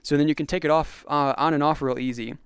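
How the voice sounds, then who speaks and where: A man's voice: a little high, steady tone, quick pace, smooth, no room sound. A young man chatting casually on a livestream, rambling with lots of fillers while answering chat. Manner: rambling, filler-heavy, reads chat aloud. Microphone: clip-on magnetic microphone.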